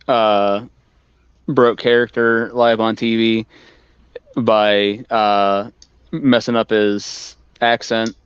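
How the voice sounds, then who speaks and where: A man's voice: on the low side, flat delivery, drawn-out words, clean tone, dry recording, lo-fi sound. A man co-hosting a casual podcast chat, laid-back and full of filler words and casual swearing. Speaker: podcast co-host.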